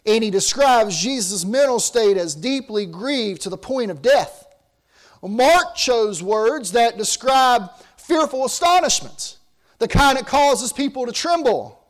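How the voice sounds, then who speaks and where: A man preaching a sermon, earnest, rising to emphatic lines and sinking to hushed ones. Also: extremely high pitch, lively intonation, measured pace.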